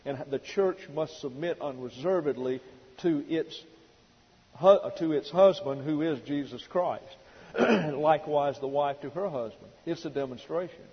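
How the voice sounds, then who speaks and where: A middle-aged man preaching a sermon, emphatic and slow on his key words, heard through a dull lo-fi recording in a reverberant hall. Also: on the high side, slightly rough. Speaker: pastor.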